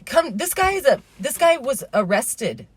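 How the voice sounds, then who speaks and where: A woman's voice: high voice, big pitch swings, a little slow, slightly rough, no room sound. A woman in her thirties telling a rambling, indignant story as a vlogger, swearing and then apologizing for it.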